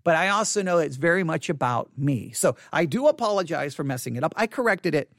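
A man's voice: fairly high pitch, expressive, brisk, a bit bright, dry recording, clean studio sound. A man preaching as a pastor, speaking candidly and self-deprecatingly, often repeating phrases for emphasis. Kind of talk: sermon podcast.

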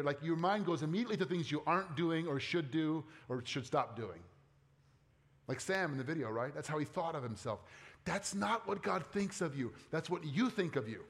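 A middle-aged pastor delivers a sermon in a friendly, conversational way. His voice sits a bit high for a man. He keeps turning to the congregation with questions. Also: lively intonation, a little fast.

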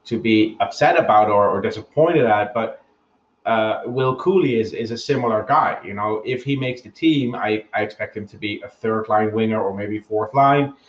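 A man's voice: on the low side, moderate pace, roomy sound, lo-fi sound. A man co-hosting a casual sports podcast, breaking things down analytically and weighing each point with hedges and repeats. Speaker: podcast co-host.

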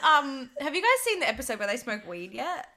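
A bright, rather high-pitched Australian woman chats as a podcast guest. She rambles playfully and swears freely, and her voice carries a sharp, vivid edge. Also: very animated, a little fast. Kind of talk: casual chat.

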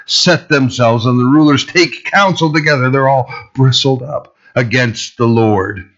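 A man preaching a conversational sermon, full of fillers and asides, rising in pitch when he stresses a point. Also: a little slow, fairly bright tone, muffled recording. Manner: casual and rambling, heavy fillers, rises in pitch for emphasis. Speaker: pastor.

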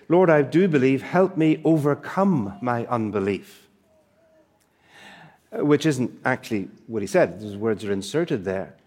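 A man's voice: mid-range voice, darkish tone. A male preacher giving a sermon, emphatic and fond of rhetorical questions and asides.

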